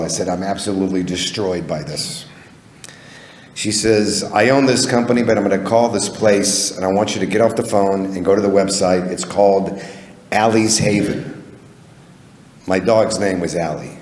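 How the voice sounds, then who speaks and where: A man's voice: on the low side, darkish tone. A man telling a personal story live on stage at a community event, talking conversationally and acting out the voices of people in his tale. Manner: conversational, acts out quoted voices in dialogue. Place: event hall with audience. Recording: roomy hall with long reverb.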